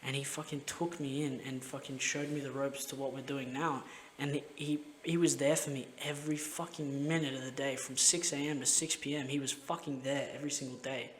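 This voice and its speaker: A man's voice: mid-range voice, flat delivery, fairly quick, few pauses, slight background noise. Young man swearing through heartfelt stories. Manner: swears constantly, rambling heartfelt storytelling. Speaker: podcast host. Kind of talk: casual podcast chat.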